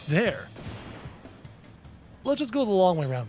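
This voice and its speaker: A man's voice: a little high, big pitch swings, moderate pace, long pauses, soft background music. A man streaming a game live, chatting casually with his viewers in a playful, teasing, self-mocking way.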